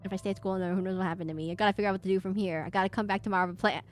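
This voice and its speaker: A woman's voice: mid-range voice, fairly even intonation, rapid-fire, faint music behind, close to an everyday voice. A woman voicing a determined, protective teenage boy protagonist, earnest and defiant, in a horror game. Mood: defiant uneasy. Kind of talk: game dialogue voiced by a streamer.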